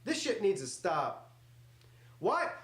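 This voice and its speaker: Guy yelling at a football game on a live stream, cussing, talking back to chat, kinda high voice, roomy echo. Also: animated, moderate pace. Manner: loud, joking, swears freely, talks back to chat. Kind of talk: casual live reaction commentary.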